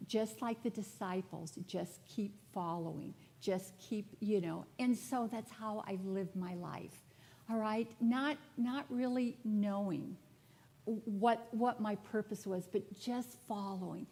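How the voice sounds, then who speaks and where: A woman with a slow, dark-toned, mid-range voice stands before a congregation in a church sanctuary. As a spiritual director, she shares a personal sermon about her life, speaking frankly and conversationally with some humor mixed in.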